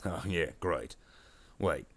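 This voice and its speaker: A man's voice: low-pitched, expressive, slow pace, heavily acted. A man voicing a dim, bossy male orc warboss who blusters, gets muddled and makes threats. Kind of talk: improvised comedy skit while painting.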